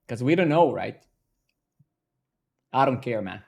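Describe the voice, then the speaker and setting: Gravelly man live-coding and muttering. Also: medium pitch, measured pace. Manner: talks to himself, swears, excitable outbursts. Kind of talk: casual live-stream commentary while coding.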